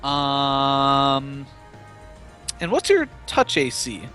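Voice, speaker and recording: A man's voice: mid-range voice, big pitch swings, drawn-out words, bright, forceful tone, faint music behind. A man running a tabletop game as game master, describing scenes and rulings in an easygoing way with many fillers. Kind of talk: narrating a tabletop game over voice chat.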